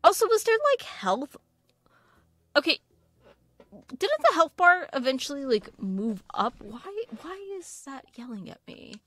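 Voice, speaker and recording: A woman's voice: high voice, very animated, unhurried, fairly bright tone, dry recording. A woman giving casual, rambling let's-play commentary while playing a video game, full of fillers and restarts. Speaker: gaming video creator.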